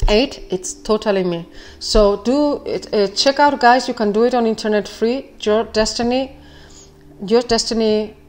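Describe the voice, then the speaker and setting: Excitable woman giving a tarot reading. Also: mid-range voice. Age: 40s. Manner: excitable, rambling, laughs often, keeps apologizing. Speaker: tarot reader. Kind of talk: casual spoken tarot reading.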